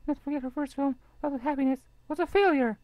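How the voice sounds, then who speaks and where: A woman's voice: high voice, quick pace, darkish tone, no echo, lightly acted. A woman voicing a blunt, sarcastic teenage girl classmate who makes dry, dismissive retorts.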